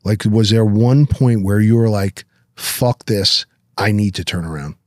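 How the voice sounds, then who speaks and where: Low-voiced reflective podcast host. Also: male voice, unhurried, no room sound, studio quality. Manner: reflective, sinks low and quiet, swears casually. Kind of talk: casual interview chat.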